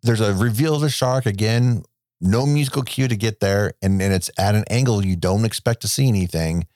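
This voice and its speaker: Low-voiced man, eager film-fan podcaster, swears, restarts, dry close sound. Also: fairly quick, a little mellow, dry recording. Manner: enthusiastic, swearing, rambling restarts. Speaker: podcast co-host. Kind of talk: casual movie discussion.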